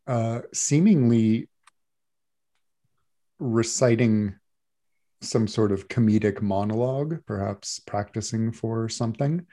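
A man's voice: on the low side, warm tone. A man narrating a tabletop role-playing game as game master in an easygoing, descriptive way.

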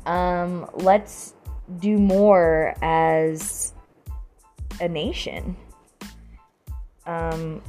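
A woman's voice: fairly low pitch, darkish tone. A young adult woman in a casual, rambling monologue, earnest and heavy on "you know" fillers.

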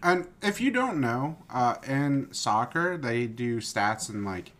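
An American man co-hosts a sports podcast, chatting casually and filling his talk with filler words, especially "like." His mid-range voice is very animated and a bit bright, though he takes it slowly.

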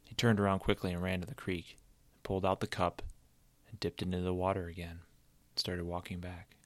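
Guy reading a kids fantasy story, steady plain delivery, lowish voice, dry close mic. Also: fairly quick, no room sound. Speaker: narrator.

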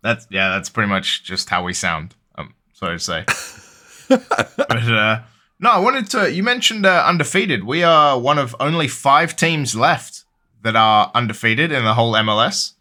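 A man with a bright, forward voice that moves animatedly up and down, bantering as a podcast co-host. He sounds upbeat and playful. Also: medium pitch, sing-song, normal speed. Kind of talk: casual sports chat.

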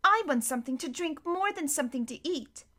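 Woman reading a bright high little girl, excitable, storybook audiobook. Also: a little fast. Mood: plain. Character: young girl, youngest sister, eager and excitable.

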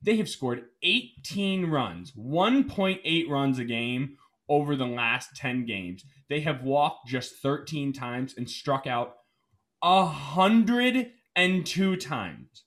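Steady man reading off sports stats. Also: mid-range voice, takes it slowly. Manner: steady, reads out stats, calms his partner. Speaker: podcast co-host. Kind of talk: casual sports talk.

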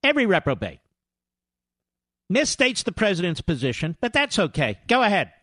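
A man's voice: high voice, huge pitch swings, moderate pace, fairly bright tone, no room sound, studio quality. A man hosting a political talk radio show, combative and sarcastic, mocking his targets as he talks.

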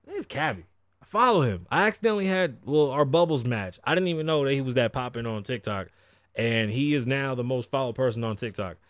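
A man's voice: medium pitch, lively intonation, brisk, dry recording, studio quality. A man hosting a podcast, riffing on news in a casual, profane and opinionated way. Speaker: podcast host.

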